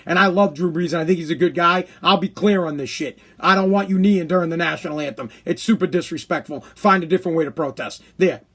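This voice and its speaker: High-voiced, blunt, swearing podcast host. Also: male voice. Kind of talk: casual opinion podcast monologue.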